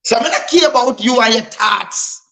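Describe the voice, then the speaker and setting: A man's voice: very high-pitched, moderate pace, vocal fry, sharp tone, poor audio. A man from Guyana with a Guyanese Creole accent, a DJ guest speaking bluntly and emphatically in an interview. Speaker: DJ and artist guest. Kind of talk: candid interview talk.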